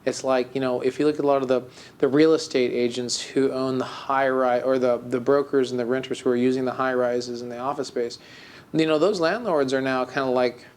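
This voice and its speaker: Brisk and darkish in tone, this man's mid-range voice stays steady as he co-hosts a podcast. His casual chat becomes a mock-melancholy story, rambling along with plenty of fillers and restarts.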